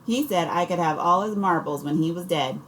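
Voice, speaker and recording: A woman voicing an eager, playful four-year-old boy in an audiobook, with a high, slow childlike voice. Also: a little hiss or hum, close to an everyday voice, rough recording.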